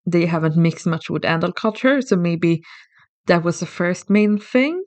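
In a dry recording free of echo or room sound, a co-host with an expressive, middle-register voice speaks at a measured pace. Thoughtful and methodical, he walks through a topic step by step in casual podcast chat, frequently restarting a phrase.

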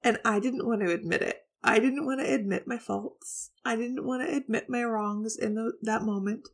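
Candid woman with a gravelly voice. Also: a little high, normal speed. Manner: candid, reflective, confessional. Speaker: podcast host. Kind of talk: personal storytelling to listeners.

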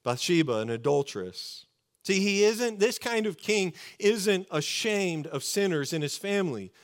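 A man preaching a sermon to his congregation, earnest and fervent, slowing down to stress key words. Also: high-pitched, animated. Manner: earnest, fervent preaching with slow emphatic pauses. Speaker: pastor.

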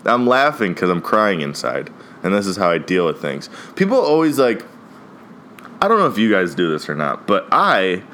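Deep-voiced with a fairly bright tone, a man in his mid-twenties from Ohio, USA, runs a casual solo podcast, rambling with frequent "like" and "dude," plenty of swearing and laughter. A little hiss or hum is audible.

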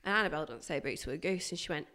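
Woman, lowish voice, candid emphatic storytelling, animated guest. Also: rapid-fire. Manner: animated, emphatic retelling with bursts of loudness.

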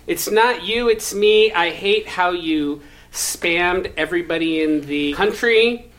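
A man's voice: sits high, takes it slowly, a bit bright. A man co-hosting a podcast, setting up puns in playful casual chat. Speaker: podcast co-host. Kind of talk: casual pun-swapping chat.

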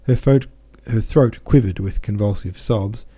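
The narrator here is a man with a husky, mellow voice on the low side, reading a classic novel at a measured pace. He voices the dialogue with gentle shifts in tone for different characters.

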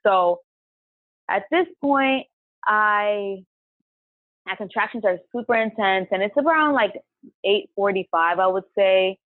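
This podcast guest relates her own experiences in a chatty, casual way, using "like" heavily and voicing aloud what she said at the time. Her medium-pitched voice is expressive and slow with frequent pauses, and the dry recording has a tinny phone-line quality.

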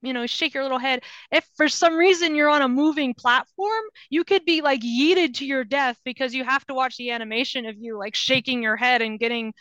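A woman's voice: high voice, fairly quick, hardly any pauses, fairly bright tone, no room sound. A woman guest in a casual gaming chat, talking in a loose, filler-heavy way and laughing often. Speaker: podcast guest.

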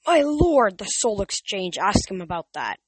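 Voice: medium pitch, moderate pace, fairly bright tone, no echo, natural voice. Brief: a reader doing a sneering ghost servant, clipped and bossy, dry sound. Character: scornful ghost adviser, commanding and sneering. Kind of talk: amateur audiobook reading.

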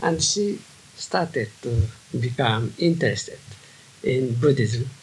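An older man with a Japanese accent, a native Japanese speaker, reminiscing haltingly in an archival talk, with many fillers and soft laughs. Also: medium pitch, lively intonation, a little hiss or hum, rough recording. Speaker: Zen teacher recalling his past.

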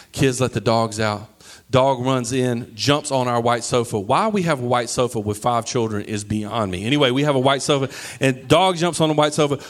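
A man in his thirties preaching a sermon, animated, sometimes breaking into high yelling as he acts out stories. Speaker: pastor.

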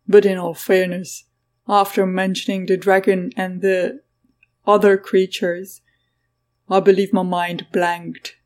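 A woman's voice: medium pitch, little pitch movement, takes it slowly, darkish tone, lightly acted. A woman reading the lines of a young man who speaks formally and precisely. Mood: polite.

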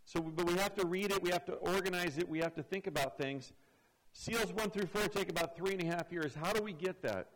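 A man's voice: high voice, fairly quick, fairly bright tone, rough recording. Man preaching a verse-by-verse sermon. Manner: explanatory, repeats words when restarting. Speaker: pastor. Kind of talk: sermon teaching.

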